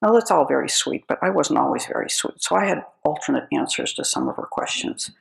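A woman's voice: deep voice, huge pitch swings, fairly quick, creaky, poor audio. An older American woman giving a personal talk to an audience, telling stories with wry, self-deprecating humor. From United States. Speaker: speaker, philosopher.

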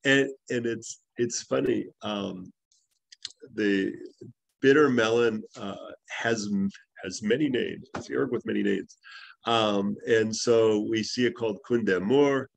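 Gravelly low-voiced man teaching herbs. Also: slow, no room sound. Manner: casual storytelling, frequent fillers and restarts. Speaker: herbalist teaching a class. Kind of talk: live class lecture with anecdotes.

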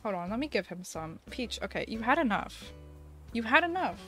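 A woman's voice: mid-range voice, expressive, a little fast, soft background music. A woman streamer chatting casually on a live stream, giggling often and talking to her pets. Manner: bubbly, giggly, baby-talks to her pets.

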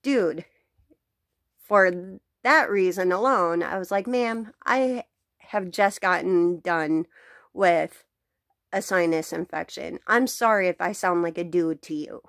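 Slow-talking woman ranting blunt and profane. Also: lowish voice, vocal fry, a bit bright, dry recording, clean studio sound. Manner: blunt and profane, laughs between sentences. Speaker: vlogger. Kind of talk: casual venting rant to camera. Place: at home.

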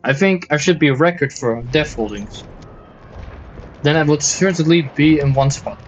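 A man's voice: fairly high pitch, lively intonation, normal speed, dull audio, faint music behind. A man playing a shooter game and commenting with exasperated, swearing jokes, sometimes slipping into mock German. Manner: exasperated, swearing, joking complaints; switches into mock German and Dutch. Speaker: gaming video host. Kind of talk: let's play commentary.

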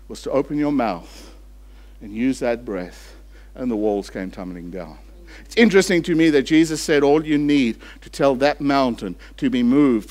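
A man preaching a sermon as pastor, building to loud emphatic peaks and then dropping low and slow for effect. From Australia.

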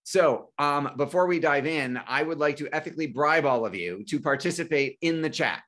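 A man's voice: on the high side, animated, moderate pace, a bit bright. A man in his forties hosting a live financial webinar, telling a personal story and acting out phone calls with family.

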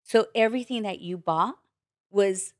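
A woman tells a personal story on a podcast, jumping into other people's voices as she quotes them and swearing as she goes. Her pitch sits in the middle, and the close mic leaves the sound dry. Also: unhurried, dry recording. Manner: animated, acts out quoted voices, swears freely. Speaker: podcast guest. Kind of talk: candid storytelling chat.

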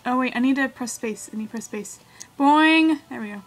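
A woman's voice: on the high side, fairly even intonation, fast, husky, poor audio. A woman doing let's play commentary, yelping and squealing as she reacts to the game. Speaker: gamer.

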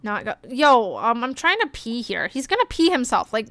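A young woman streaming a life-simulation game, chatting excitedly and gushing over the characters as she plays. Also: a little high, moderate pace, dry recording, clean studio sound. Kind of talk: life-sim gameplay commentary.

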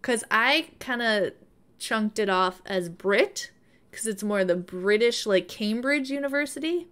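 A woman's voice: on the high side, lively intonation, measured pace, fairly bright tone, clear, resonant tone. Chatty, playful woman streamer. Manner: chatty and playful, baby-talks to her dog. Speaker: live streamer. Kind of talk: casual live-stream chat.

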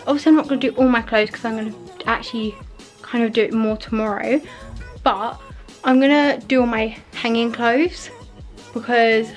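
Chatty young woman, breathy and rambling. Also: a little high. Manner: chatty, rambling, fillers like "like" and "literally". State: a bit out of breath. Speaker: vlogger. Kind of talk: casual vlog chat. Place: her bedroom at home.

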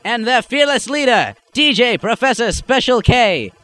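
A man's voice: extremely high pitch, lively intonation, unhurried, a bit bright. Teen boy doing mock-heroic narration. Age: late teens. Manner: announcer-style, mock-dramatic.

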